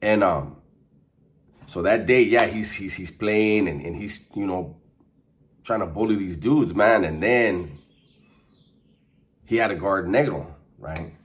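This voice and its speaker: A man with a low-pitched voice tells a story about prison life in a laid-back, slangy monologue. He speaks slowly with long pauses, laughing now and then as he goes.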